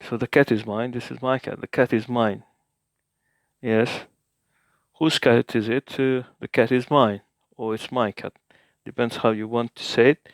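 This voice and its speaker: A man hosting a casual spoken language lesson, thinking aloud with many filler sounds and repeating words slowly for the listener. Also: mid-range voice, fairly even intonation, dry recording, studio quality. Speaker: language-learning video host.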